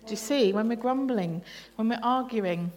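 A woman's voice: fairly high pitch, moderate pace, darkish tone. A woman leading an interactive family sermon in church, playful and laughing as she asks the congregation questions. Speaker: bible study leader. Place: church service.

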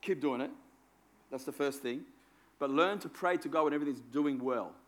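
A man's voice: a little high, moderate pace, fairly bright tone. A man preaching a sermon in a conversational, self-deprecating way, repeating phrases for emphasis. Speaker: pastor.

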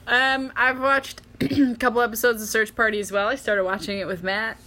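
A woman's voice: on the high side, little pitch movement, moderate pace, pushed and bright. A woman in a casual podcast chat, rambling through what she has been reading and watching, with laughter and dry sarcastic asides. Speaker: podcast co-host.

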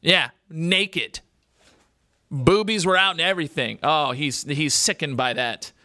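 A man's voice: on the high side, lively intonation, normal speed, pushed and bright, no room sound. A man hosting a radio show from a studio, talking casually, rambling and joking with lots of fillers.

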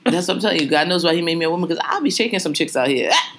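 A woman's voice: on the low side, expressive, racing, fairly bright tone. A woman co-hosting a podcast, talking bluntly in slangy, laughing banter. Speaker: podcast co-host. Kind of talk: casual chat.

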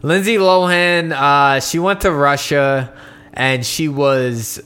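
Animated young man, slangy podcast host. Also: on the high side, slow, clean tone. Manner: profane, animated storytelling with slang. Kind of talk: casual chat.

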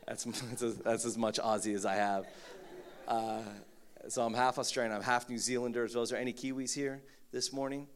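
A man's voice: mid-range voice, steady tone, fairly quick. A man in his thirties preaching a sermon, joking and mocking himself, with many fillers and restarts. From Philippines. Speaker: pastor. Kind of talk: humorous sermon.

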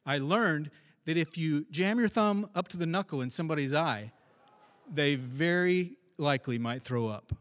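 A former police officer telling a wry, self-deprecating story about a fight on the job. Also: male voice, fairly high pitch, moderate pace, fairly bright tone, long reverb tail. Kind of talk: first-person storytelling.

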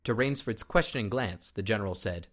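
A man narrating a short story as an audiobook reading, in a measured, steady storytelling manner. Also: lowish voice.

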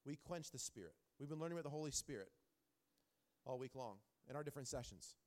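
A man's voice: medium pitch, animated, fast talker, a little mellow. A man in his thirties preaching a sermon in a church, telling stories with animation and repeating phrases for emphasis. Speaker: pastor.

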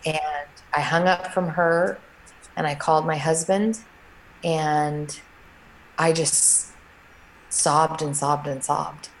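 A middle-aged woman, a guest in an interview, telling a personal story in a halting, emotional way with many restarts. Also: low voice, steady tone, a little hiss or hum, rough recording.

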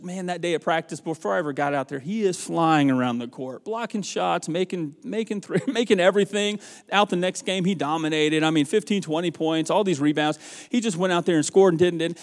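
A man delivers a sermon in a homespun, storytelling way, now dropping low and soft, now building to loud emphatic bursts. His voice sits a little on the high side. The sound rings on in a large, reverberant hall. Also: quick pace. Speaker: pastor.

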